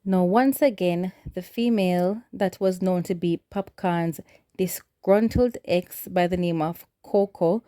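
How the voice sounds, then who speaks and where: Low, mellow Jamaican woman commentating. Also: unhurried, no echo, studio quality. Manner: chatty, skeptical, many ums. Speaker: commentator host. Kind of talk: casual gossip commentary.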